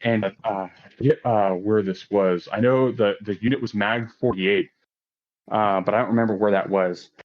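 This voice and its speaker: On dull lo-fi podcast audio, a late-thirties male guest with a lowish voice speaks at a moderate pace with fairly even intonation. His story is casual and profane, full of laughter, with quoted lines delivered in a raised voice.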